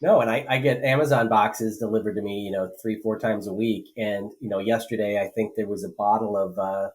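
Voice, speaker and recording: A man's voice: lowish voice, steady tone, a little fast, poor audio. Rambling man in casual political chat. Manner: rambling, conversational, with many fillers and restarts. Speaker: state legislator co-hosting a political podcast. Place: rural home.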